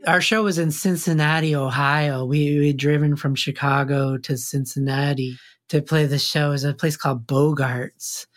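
A man's voice: a little high, steady tone, normal speed, few pauses. A middle-aged man, a musician, telling a personal story in a loose, casual way, full of fillers and frequent laughs. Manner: rambling, filler-heavy, laughs often.

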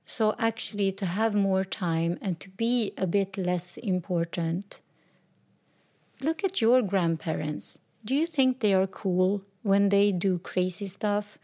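A woman in her fifties giving a slow, reflective personal talk, speaking openly and emotionally. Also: mid-range voice, warm tone.

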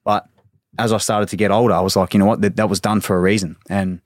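Fast-talking man, swearing freely. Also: lowish voice, level tone, dry recording, studio quality. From Australia. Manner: swears freely, tells anecdotes with quoted voices. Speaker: guest, former footballer. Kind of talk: casual podcast chat.

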